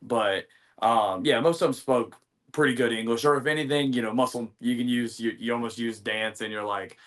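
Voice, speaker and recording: A young American man, a professional wrestler, telling stories in a rambling, animated way full of fillers and restarts. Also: medium pitch, normal speed. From United States. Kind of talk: casual interview storytelling.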